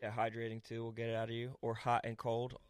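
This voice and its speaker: Male podcast host, mid-pitched, boisterous, teasing, close dry mic. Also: completely flat delivery, quick pace, clean tone, dry recording. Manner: loud, joking, eggs others on. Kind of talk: casual group banter.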